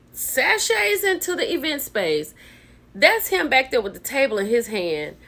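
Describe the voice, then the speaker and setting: Gossipy woman recapping a show. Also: a little high. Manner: animated and gossipy, keeps saying "child" and "baby". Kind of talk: casual reality-show recap commentary.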